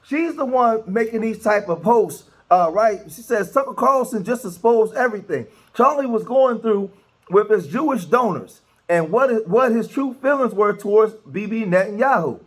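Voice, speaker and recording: A man's voice: sits high, animated, moderate pace. A man hosting political commentary, talking loosely with many restarts and reading posts aloud. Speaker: commentary host.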